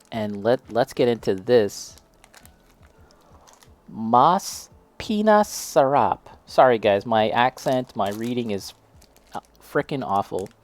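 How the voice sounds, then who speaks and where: A young man with a medium-pitched, darkish voice chats casually while tasting and reviewing snacks. He's self-deprecating and reacts as he eats.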